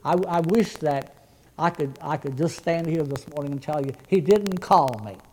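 A man's voice: fairly high pitch, fairly even intonation, moderate pace, dark tone, slight background noise, low-quality recording. A man preaching a sermon as pastor, earnest and conversational, often restarting his words.

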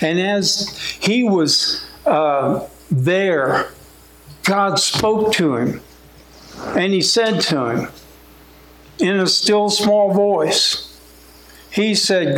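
A man preaching a sermon in a folksy, conversational way. He speaks slowly and deliberately, and his high voice climbs whenever he quotes scripture. The room around him rings with echo. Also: a bit bright.

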